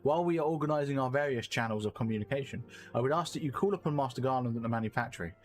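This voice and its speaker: A solemn young male elf leader speaks in formal, old-fashioned phrasing, earnest and weighed down by regret, as a streamer voices him. His delivery is measured and grave, with faint game music behind. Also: medium pitch, lightly acted. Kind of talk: reading game dialogue aloud.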